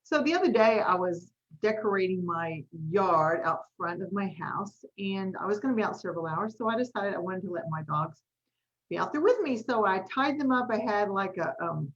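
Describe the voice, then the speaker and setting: A woman's voice: mid-range voice, lively intonation, moderate pace, lo-fi sound. Chatty woman coaching host. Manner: chatty, storytelling, says y'all. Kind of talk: casual live-stream talk.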